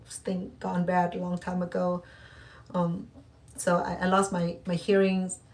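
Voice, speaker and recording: Middle-aged woman, casual confiding vlogger, halting delivery with restarts, mic slightly far. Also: mid-range voice. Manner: rambling, halting, many restarts and fillers. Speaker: cooking channel host. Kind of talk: casual personal talk to camera.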